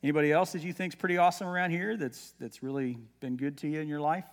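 A male pastor preaches at a quick pace with a voice on the high side and fairly even intonation. His sermon is folksy and chatty, sprinkled with casual asides to the congregation, and it echoes with the long reverb of a church sanctuary.

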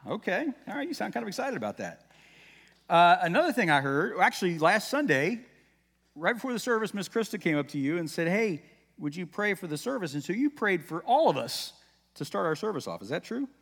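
This male pastor speaks fairly quickly in a high, creaky, fairly bright voice with big pitch swings. His sermon is folksy and conversational, with casual asides to the congregation. The church sanctuary gives it a long reverb.

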